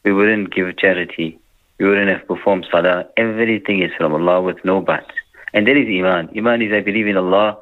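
Deep-voiced guy giving slow earnest religious advice, kinda dull lo-fi sound. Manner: slow, earnest, preacherly, quotes Arabic verses. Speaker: Islamic teacher.

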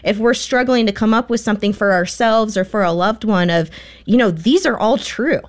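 Woman, guest author, mid pitch, earnest, storytelling, conversational. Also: moderate pace. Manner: earnest, storytelling, acts out quotes.

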